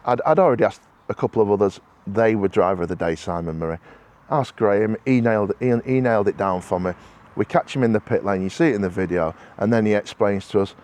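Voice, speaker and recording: A man's voice: fairly low pitch, quick pace, darkish tone. A man talking casually to camera in a vlog, rambling and heartfelt, with many restarts and repeated words. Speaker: motorsport club organiser. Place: outdoors at a racing circuit.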